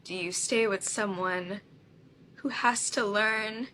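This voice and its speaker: A woman's voice: mid-range voice, fairly even intonation, slow, bright, forceful tone, slight background noise. A woman content creator candidly telling a personal story to camera, often laughing as she talks. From India.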